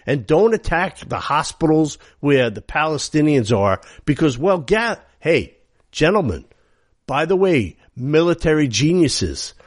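A man's voice: a little high, no echo, studio quality. A man hosting a talk radio show, delivering a heated, sarcastic monologue full of rhetorical questions.

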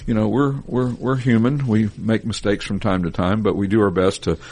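A middle-aged man hosting a casual podcast, chatty and quick to laugh as he rattles off sales figures. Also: on the low side, steady tone, a little mellow. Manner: chatty, laughs easily, reels off numbers. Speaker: podcast host, car dealership spokesman.

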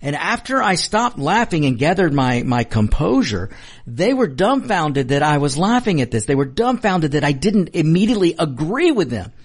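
A man's voice: fairly high pitch, big pitch swings, moderate pace, breathy edge. A man hosting a political talk show, delivering an emphatic, repetitive commentary monologue and addressing his listeners as folks.

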